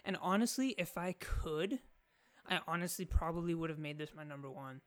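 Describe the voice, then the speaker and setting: A man's voice: on the high side, lively intonation, fairly quick. A young man co-hosting a casual movie chat, playful and slangy, joking with his friend. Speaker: podcast co-host.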